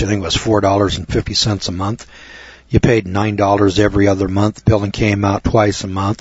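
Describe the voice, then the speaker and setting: A man's voice: fairly low pitch, breathy edge, no room sound, highs cut off. A man telling a folksy anecdote to an audience in a conversational way, repeating phrases for emphasis. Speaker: storyteller addressing an audience.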